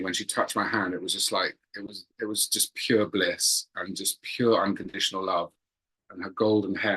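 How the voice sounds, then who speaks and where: A man's voice: low voice, pushed and bright, rough recording. A man earnestly recounting a spiritual experience, often searching for words and repeating phrases. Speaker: guest telling a spiritual experience. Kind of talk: earnest personal storytelling.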